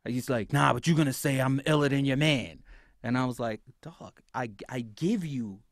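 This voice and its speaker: A man telling a story as a podcast guest, acting out what other people said and getting louder at the heated parts. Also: mid-range voice, normal speed, no echo, clean studio sound. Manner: acts out others' lines with swings in loudness. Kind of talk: animated storytelling.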